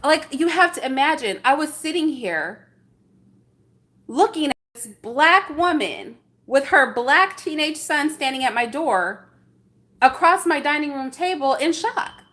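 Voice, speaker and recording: A middle-aged woman with a high voice talks straight to her viewers in a loose livestream chat. She tells the story with indignant energy and keeps throwing out rhetorical questions. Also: lively intonation, measured pace, bright, forceful tone. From San Francisco, USA. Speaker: vlogger reacting to chat.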